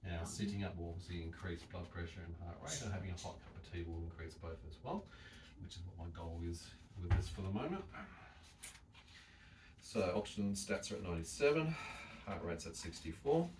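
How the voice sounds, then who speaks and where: A very deep-voiced Australian man talks in a calm, explanatory way, reassuring as he goes. A faint hiss sits under his voice in a home setting. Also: a little fast. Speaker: carer and vlogger. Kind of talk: casual home vlog commentary. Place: home indoors.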